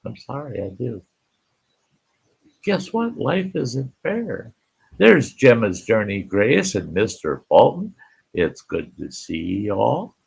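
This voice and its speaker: A man's voice: lowish voice, big pitch swings, takes it slowly, creaky, husky. An older man hosting a casual live stream, folksy, greeting chat viewers by name and often laughing, with an Upper Midwest American accent.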